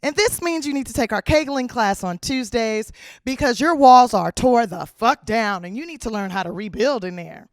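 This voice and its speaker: Brash, high, animated woman comic. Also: no echo, studio quality. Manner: loud, animated storytelling with rapid repetition; slangy, brash, crude. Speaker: stand-up comedian. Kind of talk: stand-up comedy routine.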